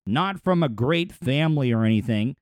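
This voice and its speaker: A man's voice: mid-range voice, lively intonation, normal speed, darkish tone, no echo, clean studio sound. A man, chatting casually as a podcast host, rambling, repeating words and laughing easily. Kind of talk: casual chat.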